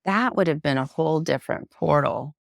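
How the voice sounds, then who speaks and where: A woman psychotherapist talks openly on a podcast, her voice deeply gravelly with fry throughout. The sound is close and dry, with no room around it. She is reflective and frank, drawing on her own story. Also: fairly quick, no room sound. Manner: reflective, expressive, acts out quoted voices; frank and personal. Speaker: psychotherapist guest. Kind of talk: unscripted podcast conversation.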